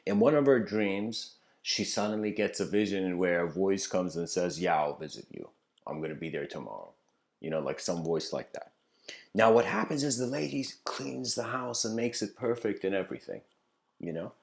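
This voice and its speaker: A man's voice: lowish voice, expressive, moderate pace, vocal fry. A man giving an improvised lecture that mixes a story with reflection, talking loosely with lots of fillers. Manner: loose, filler-heavy, with frequent "you know".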